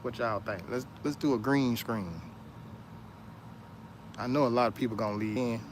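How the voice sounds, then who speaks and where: Against a noisy background, a man with a steady, mid-range voice hosts a casual livestream at a moderate pace. He keeps things laid-back and chatty, reading out the chat and answering his viewers.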